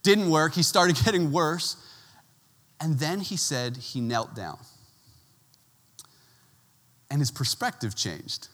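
A man's voice: on the high side, unhurried, in a large hall. A man preaching a sermon in a conversational way, telling stories with casual asides. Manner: conversational, animated storytelling with asides. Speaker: pastor.

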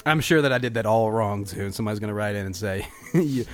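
A man's voice: lowish voice, fast talker, faint music behind. A man, co-hosting a casual film podcast, telling stories with lots of laughter and restarts. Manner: chatty storyteller, laughs often, many restarts. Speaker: podcast co-host.

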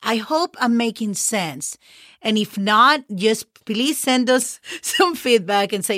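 A woman's voice: a little high, animated, slow, fairly bright tone, no room sound, clean studio sound. Patient woman teaching. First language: Spanish. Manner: patient, spells words letter by letter, checks in with "okay?". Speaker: Spanish teacher, podcast host. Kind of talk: casual podcast language lesson.

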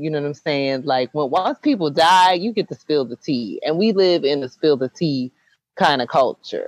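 Opinionated talker, mid pitch, dry sound, keeps saying you know what im saying. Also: no room sound, muffled recording. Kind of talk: casual chat.

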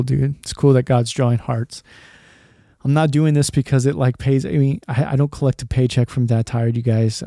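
A man in his thirties talks earnestly to his podcast listeners, rambling a little and saying "man" a lot. His voice is gravelly and mellow, with a mid-range pitch. The sound is dry and close. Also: no echo. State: choked up, emotional. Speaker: podcast host. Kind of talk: heartfelt podcast monologue.

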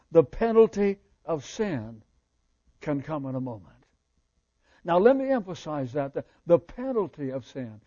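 An older man preaching a sermon with fervent emphasis, repeating phrases and swinging between loud and soft. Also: high voice, muffled recording.

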